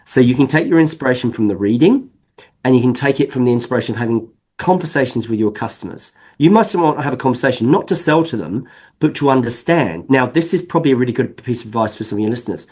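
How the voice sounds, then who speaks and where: A man from England whose accent has drifted toward New Zealand talks as a podcast guest. His voice sits at an ordinary middle pitch. He explains at length and leans hard on key words with animated emphasis. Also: fast. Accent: mixed English and New Zealand. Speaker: sales consultant guest. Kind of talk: podcast interview.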